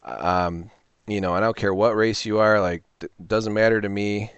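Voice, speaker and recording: Man, low pitch, dry close sound, rambling casual storyteller hosting a reseller vlog. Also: moderate pace, smooth, no room sound, dull audio. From Illinois, US. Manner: rambling, animated storytelling with quoted voices. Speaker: reseller channel host. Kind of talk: casual talking-to-camera vlog.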